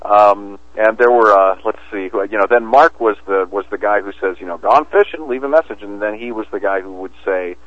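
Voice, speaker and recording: A man's voice: on the low side, flat delivery, fairly quick, hardly any pauses, no room sound. A man talking as an interview guest in a rambling way, with many restarts and fillers. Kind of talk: casual interview talk. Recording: tinny phone line, dry.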